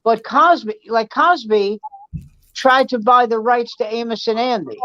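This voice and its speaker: A woman comedian in casual chat, telling stories in an animated, profane way. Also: fairly high pitch, measured pace, no echo. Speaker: comedian guest. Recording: dull, dry sound.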